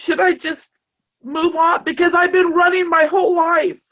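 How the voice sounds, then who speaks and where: Woman, earnest, halting, tearful, tinny phone-like video call audio. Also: extremely high pitch, level tone. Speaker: group participant. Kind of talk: emotional personal sharing.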